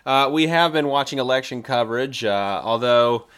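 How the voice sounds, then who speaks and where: A man's voice: medium pitch, moderate pace, a bit bright, clean tone. A man co-hosting a podcast in casual chat, laid-back and heavy with fillers. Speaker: podcast co-host.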